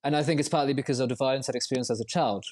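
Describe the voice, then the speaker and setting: A man's voice: mid-range voice, fairly even intonation, racing, darkish tone, a little hiss or hum. A man as a podcast guest, explaining at length in a reflective, winding way with frequent restarts. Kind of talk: podcast interview.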